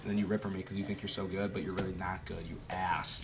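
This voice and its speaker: A man giving profane, trash-talking commentary over a shooter game, with sudden loud outbursts. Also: low voice, flat delivery, fast, creaky, noisy background. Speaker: gaming YouTuber. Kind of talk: gameplay commentary.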